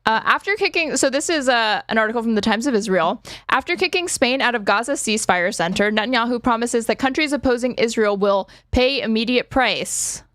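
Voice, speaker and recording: A woman's voice: a little high, lively intonation, fairly quick, hardly any pauses, a bit bright, dry recording, studio quality. A woman hosting a casual reaction stream, talking sarcastically and swearing, with plenty of fillers. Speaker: streamer host.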